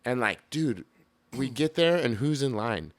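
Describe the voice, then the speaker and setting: Dude telling a crazy tour story on a podcast, cussing a lot, doing everyone's lines. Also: male voice, medium pitch, unhurried. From United States. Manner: animated, swears a lot, acts out quotes. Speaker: podcast guest, drummer. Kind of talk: casual storytelling.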